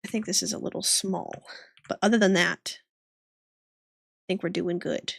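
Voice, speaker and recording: A woman's voice: medium pitch, fairly even intonation, measured pace, creaky, breathy edge, no echo, studio quality. A woman streamer chatting casually and giggling with her viewers while she draws. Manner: giggly, bubbly, greets chat warmly.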